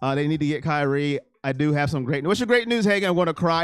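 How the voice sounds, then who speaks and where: Here the host of a laid-back live sports stream goes through chat comments with excited rants, shouting one moment and mumbling the next. He sounds a little high, speaks quickly and smoothly with few pauses, and soft music plays in a room-free recording.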